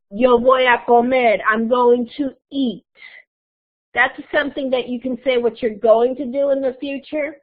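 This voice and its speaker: Lady teaching spanish on a video call, kinda high voice, patient, tinny audio. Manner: patient, explains step by step. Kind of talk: live online class.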